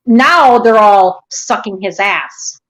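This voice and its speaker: Woman, middle pitch, scornful, mocking, livestream co-host. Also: expressive, takes it slowly. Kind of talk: heated livestream chat.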